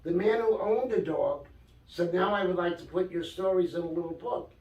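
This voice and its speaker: A man's voice: high-pitched, normal speed. Older Brooklyn man telling stories. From Brooklyn, New York. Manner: animated storyteller, acts out quoted dialogue. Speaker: guest author. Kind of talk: casual storytelling interview. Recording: echoey room, distant mic.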